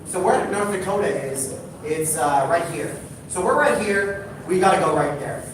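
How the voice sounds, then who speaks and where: A male speaker at a live talk tells a comic story with animated, rising energy. The sound is distant and very reverberant, as if heard from the back of a large hall. A steady background hiss sits under his voice. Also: moderate pace. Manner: animated, building to excited high-pitched bursts. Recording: echoey hall, distant mic, noisy.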